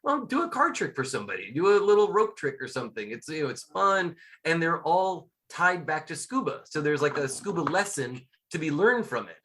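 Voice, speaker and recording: A middle-aged man talks casually as an interview guest, sitting a little higher in pitch than most men. He tells stories with energy and acts out the voices of the people in them. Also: brisk, hardly any pauses. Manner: lively storyteller, acts out quotes. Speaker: guest, scuba instructor and magician.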